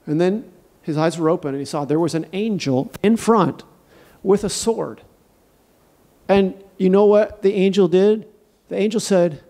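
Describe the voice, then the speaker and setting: A man preaching a sermon, emphatic and repetitive, building to shouted declarations. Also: high voice, unhurried, pauses often.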